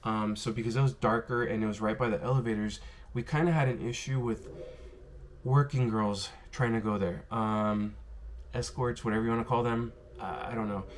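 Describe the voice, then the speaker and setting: A man casually telling stories to the camera about his bartending days, rambling and filling pauses with "um" and "you know". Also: fairly low pitch, steady tone, slight background noise. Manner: rambling, filler-heavy, lots of "you know" and "um". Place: worked in Las Vegas.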